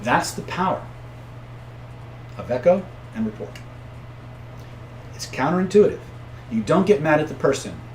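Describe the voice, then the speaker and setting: A man coaching viewers on influence in a casual live-stream, often tagging points with "right?" and shouting out angry characters when he tells stories. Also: a little high, sing-song, moderate pace, pauses often, reverberant, slight background noise. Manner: conversational, tags points with "right?"; acts out angry voices loudly in stories. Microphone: own camera setup.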